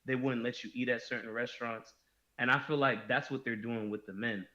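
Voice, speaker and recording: A man's voice: mid-range voice, steady tone, a little fast, pushed and bright. Emphatic man on a dull, lo-fi podcast. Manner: emphatic, restarts sentences often. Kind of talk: casual podcast discussion.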